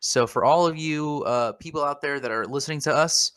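A man's voice: fairly high pitch, fairly quick, fairly bright tone, dry recording. Guy cohosting a goofy podcast, rambly and fake-serious, stumbles over words, dry close sound. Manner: rambling, mock-earnest, repeats words. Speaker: podcast co-host. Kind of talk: comedic podcast banter.

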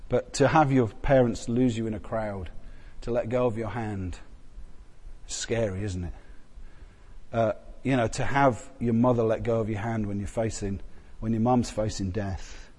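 A man preaching a sermon in a conversational way, repeating phrases for emphasis and swinging between loud, intense passages and quiet ones. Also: medium pitch, steady tone, moderate pace, slightly rough. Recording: long reverb of a large hall.

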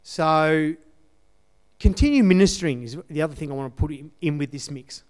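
A man's voice: fairly high pitch, normal speed, clear, resonant tone. A man giving a conversational sermon testimony in an earnest way, repeating his key phrases. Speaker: church speaker sharing testimony.

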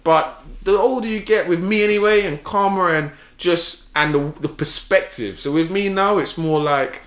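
A man telling a story in casual chat, slangy and animated, acting out the dialogue. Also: sits high, moderate pace. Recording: echoey room.

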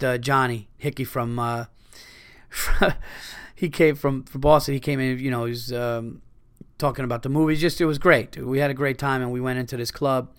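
A podcast host talking in a rambling, profane, self-interrupting casual monologue. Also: male voice, mid-range voice, clear, resonant tone.

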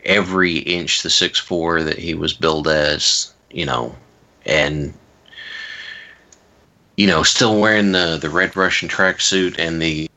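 A man's voice: low voice, slow, sharp tone. A man telling rambling stories in a casual chat, with wry asides and frequent restarts.

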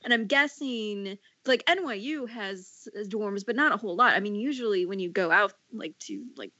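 A woman's voice: mid-range voice, lively intonation, normal speed, bright, forceful tone, no echo. A woman co-hosting a casual podcast about a TV show, rambling with many fillers and restarts. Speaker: podcast co-host. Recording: dull lo-fi sound.

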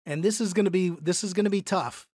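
A man teaching a Bible lesson, explaining verses slowly and deliberately and lifting his voice for emphasis. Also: sits high, a little mellow, no echo, studio quality. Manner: explanatory, slow and deliberate, voice lifts when emphasizing.

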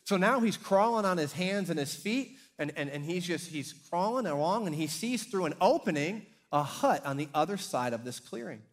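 A middle-aged man preaching a sermon as a pastor, telling stories in a lively way and acting out the characters. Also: high voice, normal speed, few pauses. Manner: animated storyteller, acting out characters and shouting at climaxes. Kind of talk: sermon with storytelling. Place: church hall.

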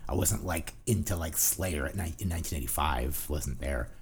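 A man's voice: extremely low pitch, normal speed, a little hiss or hum. A man in his forties from New Jersey with a New Jersey accent, co-hosting a casual podcast, rambling and swearing with lots of fillers. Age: 40s. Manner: rambling, profane, ranting with many fillers. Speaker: podcast co-host. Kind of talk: casual banter.

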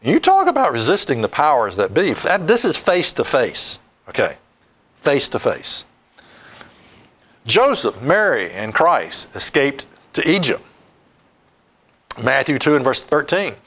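Guy preaching a sermon, reads bible verses, laughs a lot, lively up and down voice. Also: mid-range voice, measured pace, long pauses, slightly rough. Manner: animated, reads scripture aloud, laughs often. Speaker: pastor.

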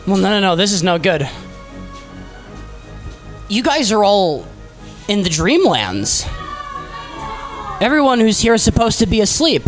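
A man's voice: high-pitched, big pitch swings, a little slow, pauses often, faint music behind. A man voicing a flustered male guard who fusses and urges people to safety. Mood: urgent. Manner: urgent, fussing. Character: flustered fairy-land guard, male adult.

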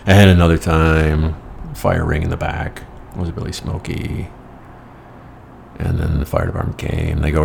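Brief: middle-aged man, very low gravelly voice, rambling wry storyteller. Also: big pitch swings, unhurried, darkish tone, a little hiss or hum. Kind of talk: casual anecdotal monologue.

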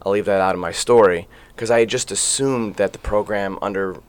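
A man in his late thirties with a somewhat low voice hosts a casual sports podcast from the studio. He talks in a loose, rambling way and fills his sentences with filler sounds. He sounds at ease as he chats with his guests. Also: brisk, clear, resonant tone. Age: late 30s. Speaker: podcast host.

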